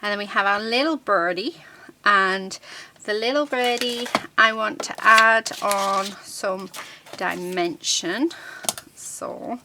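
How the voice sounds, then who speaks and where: A woman's voice: mid-range voice, heavy background noise. A woman hosting a casual card-making tutorial. She talks her viewers through each step while she works at her crafting desk, with plenty of ums and restarts. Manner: chatty, unhurried, many ums and restarts.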